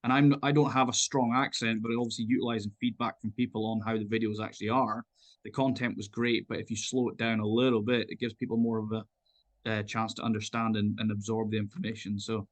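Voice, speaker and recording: Flat-voiced man sharing an experience. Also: on the low side, a little fast. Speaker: webinar guest. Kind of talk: conversational comment.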